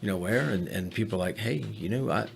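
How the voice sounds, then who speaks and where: A man speaking as a podcast guest in casual chat, candid and self-deprecating, with halting restarts. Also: fairly low pitch, vocal fry.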